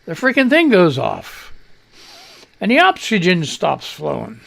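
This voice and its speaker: A man's voice: high-pitched, huge pitch swings, unhurried, vocal fry, fairly bright tone. A man hosting a live radio show, telling a rambling story in casual chat with fillers and mild cursing.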